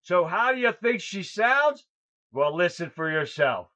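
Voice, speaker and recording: Blunt, crude man with a high voice. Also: big pitch swings, measured pace, bright, forceful tone. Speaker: host. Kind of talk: political livestream commentary. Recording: dull lo-fi sound.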